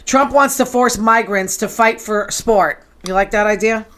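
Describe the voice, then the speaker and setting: A woman's voice: on the high side, a bit bright. Sassy chatty woman hosting a show. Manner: chatty, sassy, quick to tease. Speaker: show host. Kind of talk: casual talk-show chat.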